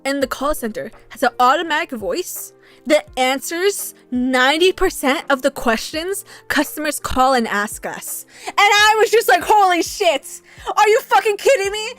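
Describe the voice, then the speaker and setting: This is a young woman with a strikingly high voice, chatting casually on a home livestream. She tells stories in a loose, rambling way, gets animated, and swears freely. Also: normal speed, soft background music. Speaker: streamer.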